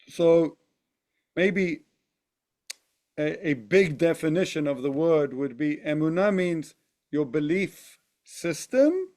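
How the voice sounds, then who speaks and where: A man leads a study class at an unhurried pace, his voice sitting a little high for a man. He works through ideas slowly and keeps asking his listeners whether they follow. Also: darkish tone. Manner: thoughtful, often asks "right?". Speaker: teacher. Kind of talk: text study lesson.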